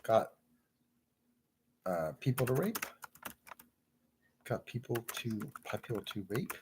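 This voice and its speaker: A man's voice: medium pitch, sing-song, slow, background noise. A man talking in a rambling solo monologue, drifting from thought to thought and calling the listener "man.".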